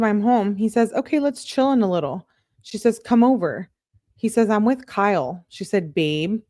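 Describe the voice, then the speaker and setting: A woman's voice: medium pitch, a little mellow, dry recording, clean studio sound. Chatty woman reading texts aloud. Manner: casual, chatty asides while reading. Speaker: true crime commentator. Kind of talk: reading text messages aloud with commentary.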